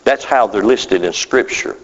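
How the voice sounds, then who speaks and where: A man preaching a sermon, emphatic and drawn out, with sudden rises and falls in his voice. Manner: emphatic, drawn-out phrasing with sudden pitch swings. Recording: dull sound with long hall reverb.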